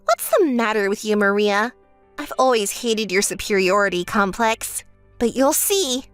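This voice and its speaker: A woman's voice: medium pitch, moderate pace, a bit bright, smooth, no echo, soft background music, pitched below the performer's own voice, close to an everyday voice. A woman voicing a spoiled, bratty young bride in a texting story, whiny and demanding. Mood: bragging.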